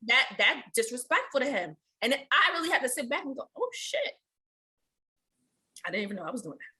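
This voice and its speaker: An animated woman host with a high, lively voice swinging all over. Her tone is bright and crisp, and she tells her stories casually with plenty of slang and laughs. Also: quick pace. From Haitian family. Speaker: podcast host. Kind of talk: casual podcast chat.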